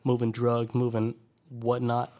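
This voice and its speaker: A man's voice: medium pitch, completely flat delivery, measured pace, warm tone. A young man co-hosting a casual podcast, telling laid-back anecdotes and swearing freely. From Atlanta area. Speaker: podcast co-host.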